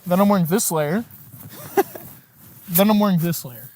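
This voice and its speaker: A man's voice: high-pitched, lively intonation, measured pace, darkish tone, a little hiss or hum. A young man co-hosting a podcast, telling stories playfully and theatrically from inside a snow cave. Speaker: podcast co-host. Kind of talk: casual chat.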